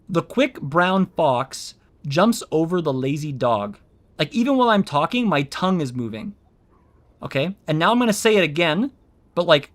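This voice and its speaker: A man's voice: on the high side, a bit bright. A man chatting casually on his stream as a VTuber, rambling and explaining things with plenty of ums and restarts. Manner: rambling, explains with many fillers. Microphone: own streaming mic.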